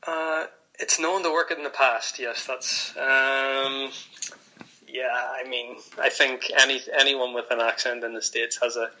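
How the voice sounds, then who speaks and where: A young Northern Irish man talks easily in a casual podcast interview, stopping and restarting his thoughts. His voice is bright and forward, and his pitch stays fairly level. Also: a little slow, rough recording. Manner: relaxed, chatty, many restarts and fillers. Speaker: pro golfer guest.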